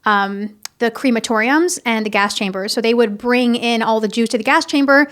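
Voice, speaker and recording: A young woman hosting a casual, heartfelt podcast, talking earnestly and haltingly, with many restarts and fillers. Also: on the high side, fairly bright tone. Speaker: podcast host. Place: home in Florida.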